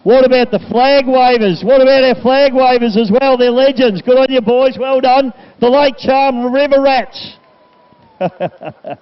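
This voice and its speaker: A man's voice: very high voice, steady tone, moderate pace, hardly any pauses, clear, resonant tone. A man announcing at a boat race, matey and upbeat, thanking people over the PA. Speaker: race commentator and MC. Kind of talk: live PA announcing. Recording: dull live-stream audio with noise.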